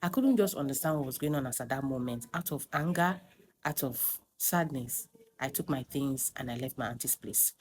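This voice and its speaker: A young woman with a strikingly deep, low voice recounts her personal story straight into her phone. Her delivery is emphatic and dramatic, and a faint hiss sits under the recording. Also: darkish tone.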